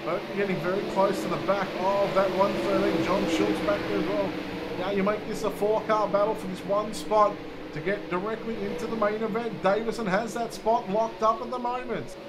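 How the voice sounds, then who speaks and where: Male race caller, high-pitched, excitable, live commentary over loud engine and crowd noise. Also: brisk. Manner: excitable play-by-play, voice rising with the action. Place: speedway commentary position.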